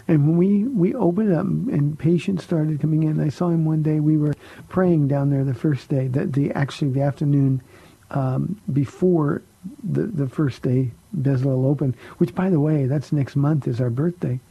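A man's voice: fairly high pitch, normal speed, gravelly, slightly rough, dry recording, dull audio. A middle-aged man, a pastor hosting a call-in radio show, answering Bible questions and telling stories with many fillers and restarts.

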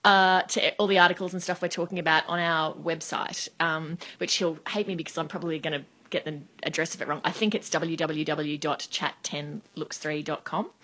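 Animated woman, podcast co-host. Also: brisk, hardly any pauses. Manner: animated, laughs often, jumps into high exclaiming asides. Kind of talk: casual chat.

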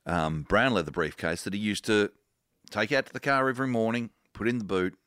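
Co-host, middle-aged man, low voice, deadpan jokes, dead dry studio sound. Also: dry recording. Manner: dry joking, unhurried storyteller. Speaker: podcast co-host reading from a book. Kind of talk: casual chat and storytelling.

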